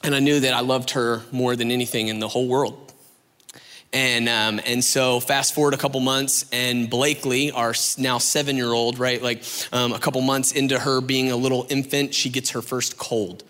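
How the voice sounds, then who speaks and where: A man's voice: mid-range voice, level tone, moderate pace, a bit bright, big-room sound. A man in his thirties preaching on a stage, telling a story with many asides and fillers. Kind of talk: sermon. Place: large hall on a stage.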